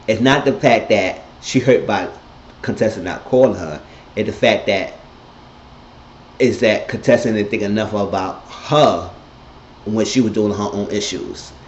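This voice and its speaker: A man recapping a TV episode in a casual monologue, blunt and profane, telling it with animated energy. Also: fairly low pitch, unhurried, slight background noise. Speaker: TV episode reviewer. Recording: echoey, dull lo-fi room sound.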